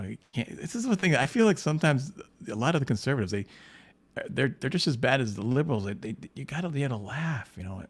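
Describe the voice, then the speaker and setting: A man's voice: medium pitch, husky. A man, a comic book artist, talking casually on a livestream while painting, rambling with frequent restarts and lots of "you know".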